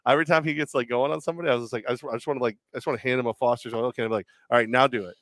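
A man's voice: medium pitch, fairly even intonation, racing, dry recording. A man co-hosting a casual sports chat, rambling and joking with many restarts. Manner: rambling, jokey, lots of restarts. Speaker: podcast co-host.

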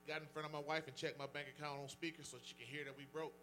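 Deacon giving testimony; fast-paced, bright, animated storyteller. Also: male voice, on the high side, faint music behind. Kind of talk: personal testimony.

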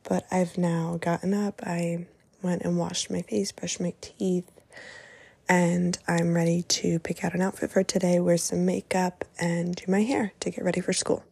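Young woman, early morning, sleepy and rambling, low husky voice with fry, dry close sound. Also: little pitch movement, a little slow, darkish tone, no echo. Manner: chatty, rambling with fillers. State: sleepy, yawning. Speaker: teacher and podcast host. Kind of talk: casual day-in-my-life narration.

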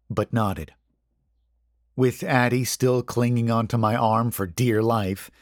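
A man narrating a first-person horror story in a measured, suspenseful reading. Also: medium pitch, no echo, clean studio sound.

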